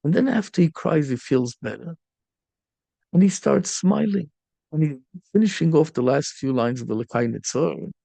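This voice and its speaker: Rabbi storyteller, male: strongly gravelly, mellow tone, dry close sound, animated telling sprinkled with Yiddish. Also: on the high side, moderate pace, dry recording. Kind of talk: storytelling sermon.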